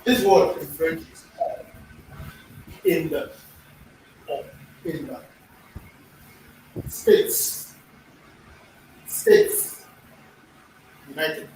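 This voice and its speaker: A man's voice: fairly high pitch, slow pace, long pauses, darkish tone. A middle-aged man teaches pronunciation to a class. He repeats words and quizzes the students. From Nigeria. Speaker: language teacher. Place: echoey classroom. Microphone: far room mic. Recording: echoey room, distant mic, faint noise.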